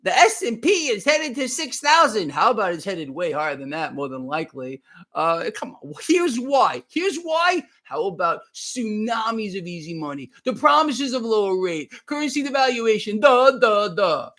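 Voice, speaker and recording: A man's voice: high-pitched, big pitch swings, normal speed, sharp tone. A man hosting a live stream of market commentary, talking straight to his viewers with sarcastic, exclaiming emphasis.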